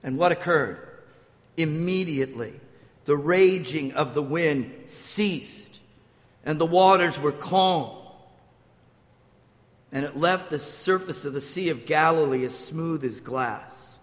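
An older pastor preaches a sermon in a fairly high voice at a slow pace, with a long reverb tail. He tells stories with restarts and acts out quotes.

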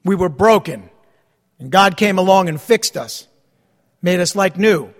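Man, pastor, high-pitched voice, sermon, repeats phrases with pauses, echoing church hall. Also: expressive.

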